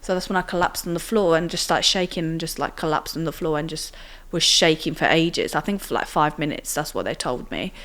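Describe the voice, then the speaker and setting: A young woman tells her own story to an interviewer. Her voice sits on the low side, and she talks in a loose, chatty way, full of fillers and tag questions. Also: a little fast, a bit bright. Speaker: guest telling her story. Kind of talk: casual personal storytelling.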